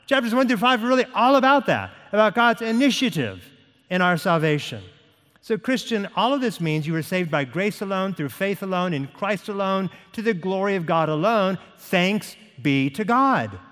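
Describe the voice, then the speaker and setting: A man preaching a sermon to a congregation, reading scripture slowly and pressing each point with emphasis. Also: high voice, animated, fairly bright tone. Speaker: pastor. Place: church sanctuary. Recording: long hall reverb.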